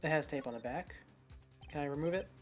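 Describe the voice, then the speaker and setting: A woman streamer in chatty let's-play mode, full of self-mocking asides. Her voice sits fairly low, with faint game music playing underneath. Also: fast, darkish tone.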